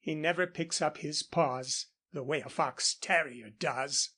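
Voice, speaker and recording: A man reading a classic novel aloud as an audiobook in a steady, even narration. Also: on the high side, measured pace. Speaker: audiobook reader. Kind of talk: scripted narration.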